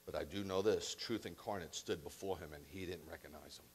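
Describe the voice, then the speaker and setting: A man's voice: sits low, fairly quick, a little hiss or hum. A man preaching a sermon as rabbi, emphatic and conversational with blunt asides.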